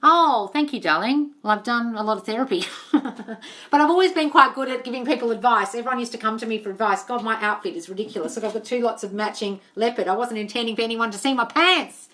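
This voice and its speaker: Blunt, bright-voiced Australian woman. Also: a little high, fast. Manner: blunt, frank, swears freely, calls viewers darling. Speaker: manifestation coach. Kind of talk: casual live-stream Q&A, reading out comments. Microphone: phone on a live stream.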